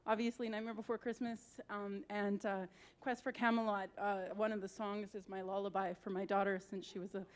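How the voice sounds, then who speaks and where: A woman's voice: mid-range voice, flat delivery, a little fast, hardly any pauses, smooth. Giggly nervous lady in the audience, mid voice, asking the panel something. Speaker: fan asking a question. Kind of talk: audience question. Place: convention hall.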